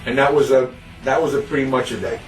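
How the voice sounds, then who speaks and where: A man's voice: mid-range voice, level tone, fast, distant mic, faint music behind. A man telling a story in an interview, rambling and blunt, quoting himself. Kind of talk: casual storytelling. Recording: echoey room, away from the mic.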